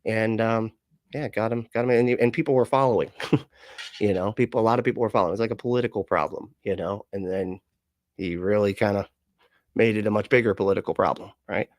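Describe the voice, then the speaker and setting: A man's voice: lowish voice, fairly even intonation, fairly quick, dry recording, studio quality. A man hosting a casual livestream, talking loosely with a sarcastic edge and laughing often as he rambles and swears freely. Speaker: livestream host.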